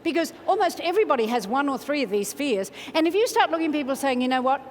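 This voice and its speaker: Woman, motivational speaker, high voice, big hall echo, energetic and coaxing. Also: quick pace, slight background noise. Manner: energetic, exclamatory, coaxing the audience. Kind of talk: motivational keynote speech. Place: large conference hall. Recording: reverberant hall, faint ambience.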